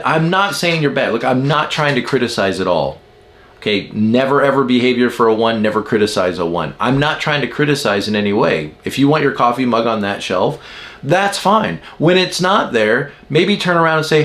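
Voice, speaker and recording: Man, casual teaching talk, middle pitch, animated storyteller. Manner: animated storytelling with acted quotes. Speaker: Enneagram teacher.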